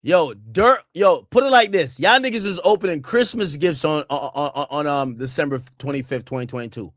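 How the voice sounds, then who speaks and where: A man hosting a podcast in casual chat, excitable and slangy, swinging between low mutters and loud outbursts. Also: moderate pace, no echo, studio quality. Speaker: podcast host. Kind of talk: casual chat reacting to clips.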